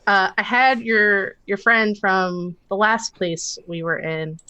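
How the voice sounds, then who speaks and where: A woman's voice: medium pitch, fairly even intonation, takes it slowly, bright, forceful tone, smooth, dry recording, dull audio. A woman playing in a tabletop game, chatty and laughing, with many fillers. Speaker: player. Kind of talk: casual tabletop play.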